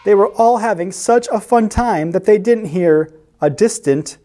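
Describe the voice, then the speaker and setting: A woman librarian reading a picture book aloud to children in an expressive storytelling voice. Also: medium pitch, unhurried, hardly any pauses, a little hiss or hum.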